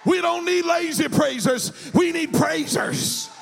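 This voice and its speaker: A male pastor preaching a sermon, shouting in a sing-song cadence and stammering repeated words. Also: extremely high pitch, takes it slowly, gravelly, a faint crowd, a little hiss or hum. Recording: reverberant church hall.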